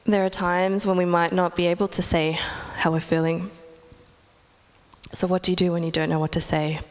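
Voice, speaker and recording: Woman, young adult, preacher, sermon, earnest and measured, lowish voice, long hall reverb. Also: little pitch movement.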